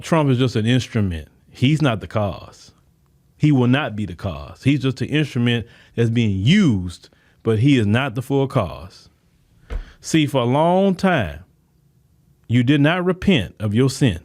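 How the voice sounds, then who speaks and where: A podcast host gives fiery political commentary in a preaching style, addressing listeners directly and frequently restarting or repeating himself. His mid-range voice is sing-song and a little mellow, at a measured pace.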